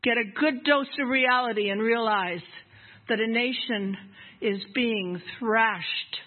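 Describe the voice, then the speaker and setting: A woman's voice: on the high side, takes it slowly. An older woman preaching a sermon to a congregation in an emphatic, impassioned way. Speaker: guest speaker at a congregation. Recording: lo-fi, phone-like sound.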